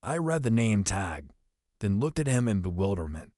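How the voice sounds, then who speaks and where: A man narrating an audiobook in the first person, in a steady, descriptive storytelling manner. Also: on the low side, normal speed, no echo, studio quality.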